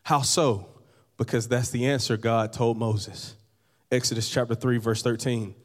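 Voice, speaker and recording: A man's voice: mid-range voice, fairly even intonation, unhurried. A man pastor preaching a sermon to his congregation, conversational, with repeated phrases and light humor. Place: church hall. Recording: long reverb of a large hall.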